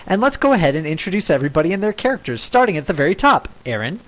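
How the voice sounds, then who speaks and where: A man's voice: a little high, sing-song, very fast, fairly bright tone. A man hosting a live tabletop game stream as game master, upbeat and teasing.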